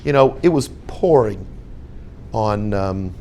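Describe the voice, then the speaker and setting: An older man, a rabbi and yeshiva head, giving a storytelling talk and acting out the dialogue with lively voices. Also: fairly low pitch, slow, slight background noise. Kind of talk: storytelling lecture.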